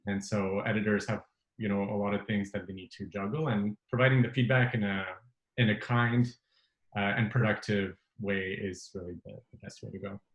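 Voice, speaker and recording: A man hosting a webinar round table, calmly explaining over a video call. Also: fairly low pitch, moderate pace. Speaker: host. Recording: echoey room.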